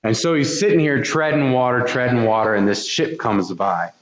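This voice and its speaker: In a church sanctuary, a man preaches an earnest sermon, repeating his words as his intensity builds. His voice is medium-pitched and moderately paced, with a crowd in the background and echoey, dull church acoustics.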